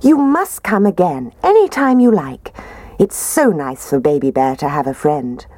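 A woman's voice: fairly low pitch, sing-song, measured pace, warm tone, dry recording. A woman voicing a kindly, motherly mother bear in a storybook reading. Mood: warm.

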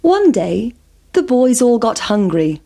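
A woman reading a children's fairy tale aloud, slow and clear. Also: fairly high pitch, very animated, dark tone. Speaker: storyteller. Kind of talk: scripted narration.

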